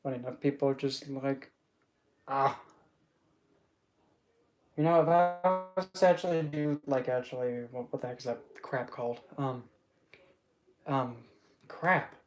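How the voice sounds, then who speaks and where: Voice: medium pitch, steady tone, moderate pace. Rambling livestream host, giggly and exclamatory, casual chat, answers viewers with pet names, mid-range voice. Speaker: streamer hosting an open chat.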